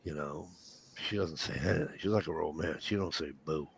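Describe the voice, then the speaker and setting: A man's voice: very deep voice, brisk, creaky, slight background noise. A middle-aged man telling funny family stories in casual chat, acting out the voices of the people he quotes and cursing freely. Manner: animated storyteller, acts out quotes, profane jokes.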